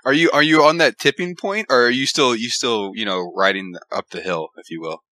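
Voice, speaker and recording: A man's voice: mid-range voice, a little fast, bright, forceful tone, dry recording. A man co-hosting a casual podcast who teases the guest with playful questions. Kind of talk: casual chat.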